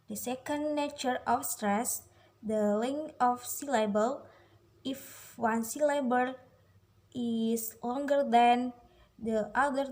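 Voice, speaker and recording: The recording is poor, capturing a young woman's fairly high, darkish voice as she presents on phonology for class. She has an Indonesian accent and reads her prepared script with care.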